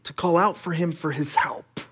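A man preaching a sermon in an animated, conversational way, with casual asides. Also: a little high, normal speed, a little hiss or hum. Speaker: pastor.

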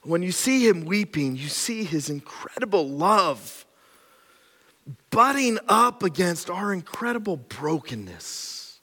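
A man preaching a sermon, swinging from loud emphatic lines to hushed, intimate ones, with casual asides. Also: high voice, very animated, takes it slowly, breathy edge, big-room sound. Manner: conversational asides with frequent "right?" and "like". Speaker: pastor.

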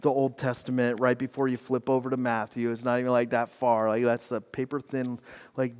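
A man preaching a sermon as pastor, impassioned, swinging from loud pleading down to hushed, almost whispered lines. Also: medium pitch, flat delivery, brisk, long reverb tail. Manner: impassioned, builds to loud pleading then drops to near-whisper.

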